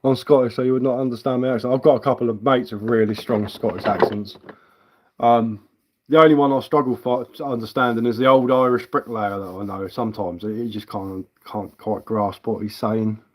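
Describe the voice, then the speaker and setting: A man's voice: lowish voice, fairly even intonation, moderate pace. A man chatting casually on a live stream as a woodcarver, easygoing and answering viewer comments.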